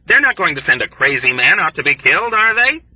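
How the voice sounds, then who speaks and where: A man reading an audiobook, voicing a frantic young male airman who shouts and pleads in agitation. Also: fairly high pitch, very animated, brisk, husky, dry recording, highs cut off, voice pushed up, full character voice. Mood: frantic pleading.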